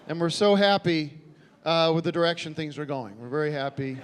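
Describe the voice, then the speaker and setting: An American man doing a stand-up comedy set on a theater stage, talking in a halting, deadpan way full of restarts. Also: a little high, a little hiss or hum. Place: theater stage before a live audience. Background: audience laughter.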